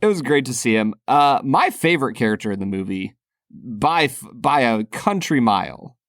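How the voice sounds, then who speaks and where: A man co-hosts a relaxed film podcast, earnest and thoughtful, with a laugh never far away. His pitch sits in the middle range. The sound is dry and close, with no room around it. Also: normal speed, no echo. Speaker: podcast co-host. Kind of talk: casual film discussion.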